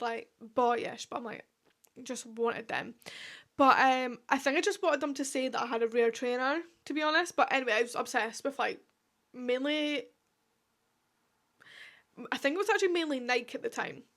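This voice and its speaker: This solo podcast host is a twenty-something woman with a Scottish accent and a voice that's a little high and a bit bright. She keeps things chatty and rambling, sprinkling in lots of fillers and side comments.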